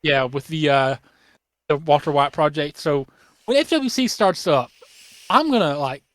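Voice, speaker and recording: A young man hosting a casual podcast, rambling excitedly with lots of fillers and restarts, his voice a little worn. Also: fairly high pitch, unhurried, dry recording, clean studio sound. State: losing his voice. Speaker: podcast host.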